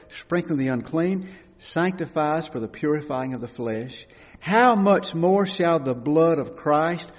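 Impassioned male preacher in a reverberant church. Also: a little high. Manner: impassioned preaching, swelling to loud cries and dropping to hushed tones. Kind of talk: sermon. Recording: dull, lo-fi recording with long hall reverb.

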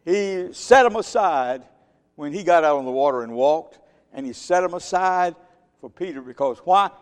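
A man preaches with emphatic force, his delivery swinging between loud peaks and hushed lines. His voice sits a little high. Long reverb from a large hall trails behind him. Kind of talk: sermon.

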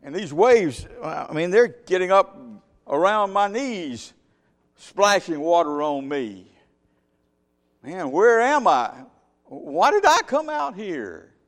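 A preacher acts out a frightened fisherman caught in a storm, his voice climbing high with panic. He begs for rescue in a loud, strained plea. Long hall reverb trails each line. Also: sing-song, slow pace, full character voice. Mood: anxious. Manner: panicked, pleading. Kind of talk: sermon storytelling.

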